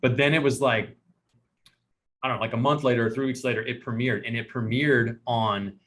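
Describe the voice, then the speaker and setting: A man hosting a casual podcast, telling a long story with lots of life and acting out the other people's lines himself. His pitch sits in a middle range and moves around. He talks the way you would with a friend. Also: brisk. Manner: animated storyteller acting out quotes. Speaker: podcast host.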